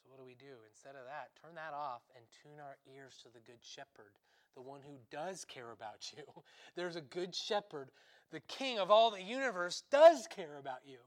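A male priest giving a conversational sermon, swinging between loud, urgent emphasis and hushed intensity, with chatty asides. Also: on the high side, animated, moderate pace.

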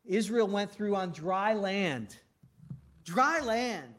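A man, a pastor, preaching a conversational sermon full of rhetorical questions, swinging between loud and hushed. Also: high-pitched, expressive, slow.

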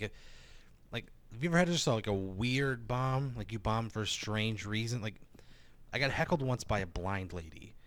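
Low-ish guy comic telling a bomb story, animated, swears a lot, lots of "like". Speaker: stand-up comedian. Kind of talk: casual storytelling.

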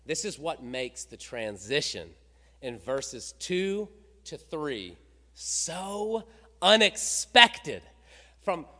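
Middle-aged male pastor, high and lively voice, sermon delivery in a big echoing church. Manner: preaching with rising emphasis, rhetorical questions. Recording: reverberant hall.

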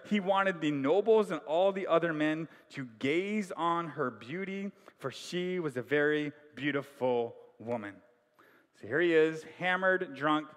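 A man preaching a sermon, telling the story with animated voices and putting questions to the congregation. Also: sits high, moderate pace. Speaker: pastor. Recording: long hall reverb.

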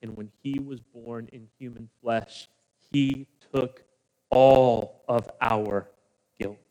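A man preaching a sermon as pastor, with dramatic pauses, hushed low passages and rousing calls to the congregation. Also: steady tone. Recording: long hall reverb.

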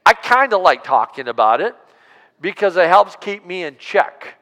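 A man's voice: high voice, sing-song, fairly bright tone, big-room sound. A man preaching a sermon as pastor, drawing out key words and asking the congregation to respond aloud. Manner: preaching with call-and-response, drawn-out emphasis. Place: church sanctuary.

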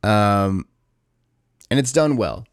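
Low-voiced man rambling through a movie recap. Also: animated, slow, no echo, studio quality. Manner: rambling, sarcastic, lots of fillers. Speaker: movie reviewer.

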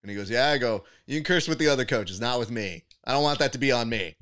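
A man hosting a casual podcast interview, telling lively coaching stories with acted-out voices and some swearing. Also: medium pitch, fast. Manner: animated storyteller, acts out voices in anecdotes, swears. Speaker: podcast host, wrestling coach.

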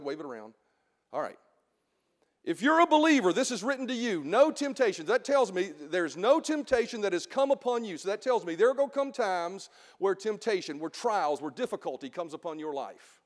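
A middle-aged male pastor preaching a sermon, calling for congregation responses and swinging between soft asides and shouted emphasis. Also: high-pitched, big-room sound. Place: church sanctuary.

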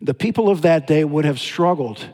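A pastor preaching a sermon, telling Bible stories in an animated, dramatic way. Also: male voice, a little high, moderate pace. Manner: storytelling, animated with dramatic retellings. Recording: long hall reverb.

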